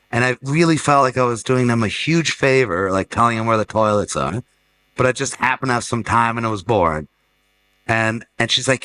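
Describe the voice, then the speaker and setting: A man's voice: mid-range voice, fairly quick, fairly bright tone, poor audio. A middle-aged man, a gallerist and fair director, telling rambling stories in a casual panel talk and restarting his sentences often. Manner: rambling anecdotal storyteller with many restarts.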